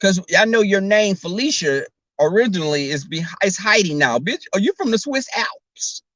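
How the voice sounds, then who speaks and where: A man with a fairly high voice talks straight to his viewers from his car, sassy and chatty. His sound is close and dry, with no room around it. He reads his live chat aloud between remarks. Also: lively intonation, moderate pace, fairly bright tone, no room sound. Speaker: YouTuber. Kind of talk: casual livestream chat. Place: in a car while driving.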